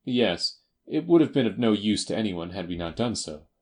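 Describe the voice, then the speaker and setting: A man voicing a self-assured male detective, crisp and precise, in an audiobook reading. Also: lowish voice, expressive, normal speed, darkish tone, lightly acted. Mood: brisk.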